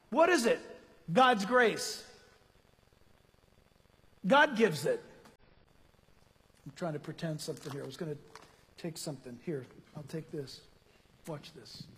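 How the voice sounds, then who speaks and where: A male pastor preaching a sermon in an animated, conversational way, full of rhetorical questions. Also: high-pitched, breathy edge. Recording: long hall reverb.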